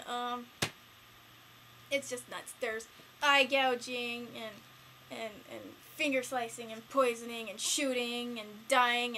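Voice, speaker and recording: A teenage girl rambles excitably through a casual vlog, full of fillers and restarts. Her voice is bright and a little high. A faint hiss sits under the recording. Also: poor audio. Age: late teens. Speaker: vlogger.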